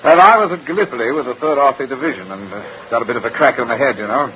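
An actor playing a breezy, jovial young Australian army lieutenant with an Australian accent and slangy talk in an old radio drama. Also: male voice, medium pitch, lively intonation, fast, lightly acted. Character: cheery Australian light horse lieutenant, young man. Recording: dull old radio recording with faint hiss.

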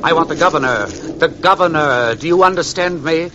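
A man's voice: on the high side, normal speed, natural voice. An actor playing a desperate male attorney in an old radio drama, urgent and pleading. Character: frantic male attorney racing to save a condemned man. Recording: lo-fi old radio recording with hiss.

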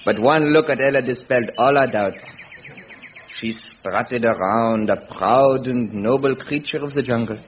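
Calm deadpan male storyteller. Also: medium pitch, a little slow. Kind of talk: deadpan parody nature narration. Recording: lo-fi recording with noise.

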